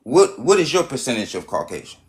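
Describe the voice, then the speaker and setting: A livestream host runs a casual show with callers, insistently repeating his points and talking over anyone who drifts off topic. His voice sits at an everyday middle pitch, moves briskly, and swings widely in pitch as he keeps cutting in.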